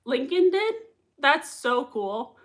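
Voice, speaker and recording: A woman's voice: sits high, big pitch swings, slow pace, a bit bright. A young woman hosting a casual livestream, reacting to a TV episode with bubbly, giggly chatter and reading chat comments aloud. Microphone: desk mic with earbuds.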